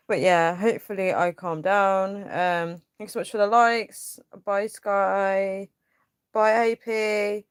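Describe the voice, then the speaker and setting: A woman's voice: mid-range voice, steady tone, slow, smooth, dry recording, clean studio sound. A young woman hosting a casual livestream. She reads viewers' comments aloud and vents her frustration in a rambling way, with lots of fillers. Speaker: livestream host.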